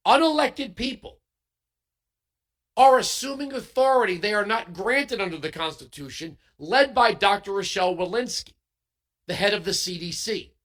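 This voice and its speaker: A man's voice: high voice, a bit bright. A man hosting a political talk radio show, delivering an emphatic, sarcastic monologue full of rhetorical questions.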